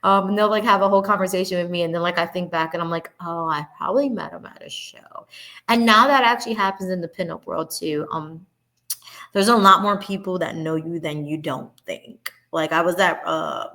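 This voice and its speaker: A woman's voice: fairly low pitch, bright, forceful tone. A woman in her thirties, a guest in a casual interview, who rambles with many fillers. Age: 30s. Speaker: guest, pinup model.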